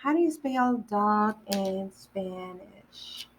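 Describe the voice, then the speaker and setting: Her voice medium-pitched with lively intonation, a woman teaching Spanish at a day camp goes through children's vocabulary, slowly repeating each word and spelling it letter by letter. The recording is low quality, with slight background noise.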